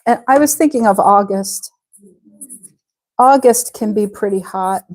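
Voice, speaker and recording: A woman's voice: mid-range voice, darkish tone, poor audio. A woman teaching a live online English class, speaking patiently and drawing out words to model how they sound. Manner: patient, slow, stretches out words to model pronunciation.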